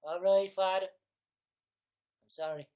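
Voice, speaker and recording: A man's voice: sits high, steady tone, slow, mellow, pitched above the performer's own voice. A man voicing a sheepish young male gamer confessing to a priest in an improvised comedy sketch. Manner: sheepish, apologetic.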